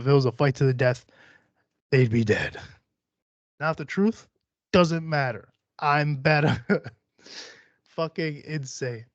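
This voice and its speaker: A man's voice: a little high, a little mellow, no echo, lo-fi sound. A man hosting a podcast in casual chat, brash and profane, bragging about being competitive. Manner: profane, boastful, hyper-competitive. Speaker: podcast host.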